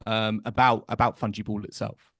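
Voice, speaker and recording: A man's voice: fairly low pitch, level tone, normal speed, a bit bright, no echo, studio quality. A man co-hosting a sports podcast, chatting casually and leading into segments in an easygoing, self-deprecating way with fillers. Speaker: podcast co-host. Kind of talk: casual podcast chat and show links.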